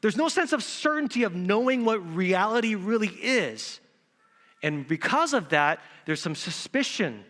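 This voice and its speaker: A male pastor preaching an Easter sermon in a church, animated and acting out quotes in different voices. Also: sits high, a little slow. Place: church sanctuary. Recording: reverberant church hall.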